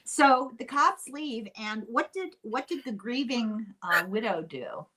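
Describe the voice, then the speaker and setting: An older woman hosting a podcast, telling a true-crime story in a chatty, unhurried way with dry asides. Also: a little high, animated, pushed and bright, a little hiss or hum. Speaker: podcast host.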